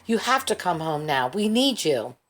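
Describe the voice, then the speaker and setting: A woman's voice: sits low, sing-song, normal speed. A woman reading a pleading, firm mother. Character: worried, determined mother, middle-aged woman. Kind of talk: audiobook character voice.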